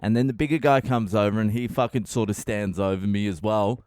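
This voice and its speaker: A man hosting his own comedy podcast, telling a story in a blunt, animated monologue full of swearing. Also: lowish voice, brisk, clean tone, dry recording, studio quality.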